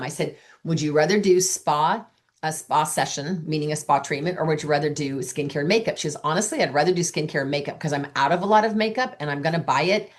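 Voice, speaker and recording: A woman with a notably deep voice talks through sales coaching in a chatty, storytelling way. She acts out the lines of the conversations she recalls. She sounds middle-aged and at ease. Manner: chatty, acts out quoted dialogue. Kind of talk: coaching talk with anecdotes.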